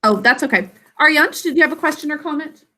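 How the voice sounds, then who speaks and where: A woman's voice: high-pitched, lively intonation, fast talker, pushed and bright. A woman teacher giving a spelling lesson, explaining patiently step by step and encouraging her students. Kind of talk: classroom instruction.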